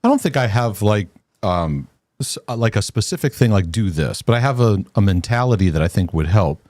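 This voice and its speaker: A man hosting a casual live stream who speaks in a halting, laid-back way and often repeats his words. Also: on the low side, animated, darkish tone, no echo. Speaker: host.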